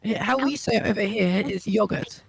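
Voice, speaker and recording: A man's voice: sits high, fairly quick, gravelly, over music, rough recording. A man with an English accent chatting on a live stream, rambling and laughing often as he explains things. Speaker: streaming guest. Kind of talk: casual chat on a live stream.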